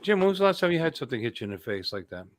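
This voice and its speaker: A male host of a laid-back chat show, cracking jokes and laughing often. His pitch swings a lot, bouncing up and down as he talks. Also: big pitch swings, very fast. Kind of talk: casual chat.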